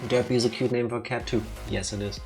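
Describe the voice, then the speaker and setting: A woman's voice: rumbling low, steady tone, fast, vocal fry, music in the background. A woman with a Danish accent co-hosting a let's play, chatting casually in a playful, teasing way with theatrical asides. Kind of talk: casual chat over gameplay.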